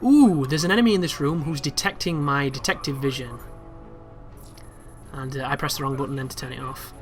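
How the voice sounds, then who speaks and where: A man with a mid-range voice talks briskly over soft background music, casually walking through gameplay. He's chatty and keeps breaking into exasperated, animated asides about the game.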